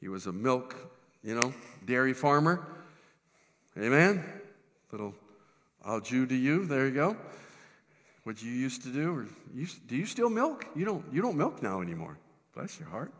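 A man pastor, telling a self-deprecating funny story in a sermon, animated with lots of restarts. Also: mid-range voice, moderate pace, pauses often, big-room sound. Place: church sanctuary.

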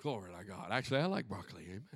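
A man preaching a fervent sermon to his congregation, swinging from booming shouts to soft asides and calling out to the crowd. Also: animated, rapid-fire, husky, no room sound, clean studio sound. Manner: calls out to the congregation.

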